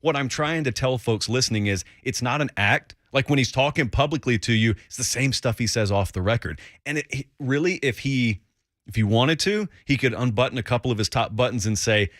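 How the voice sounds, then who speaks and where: A man guesting as a college football analyst on a sports radio show, telling stories in an animated way and mimicking his critics. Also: medium pitch, brisk, no room sound, clean studio sound. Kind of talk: casual sports radio talk.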